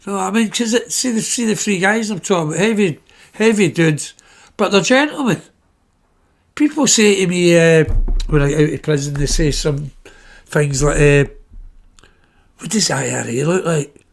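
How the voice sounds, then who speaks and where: A man's voice: high-pitched, moderate pace. A middle-aged man with a Glaswegian Scottish accent, telling personal stories on his podcast in a blunt, swearing way and acting out the dialogue. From Glasgow, Scotland. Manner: blunt, swears freely, acts out quoted dialogue. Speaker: podcast host. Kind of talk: personal anecdote storytelling.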